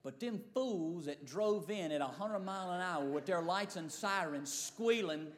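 Preacher guy with a high voice spinning a funny story, drawls and does all the voices. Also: unhurried. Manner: animated Southern drawl, acting out quoted voices. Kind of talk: comic storytelling.

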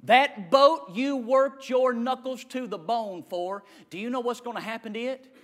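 A man preaching a sermon as pastor, swinging from shouted declarations to hushed asides. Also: very high-pitched, a little slow.

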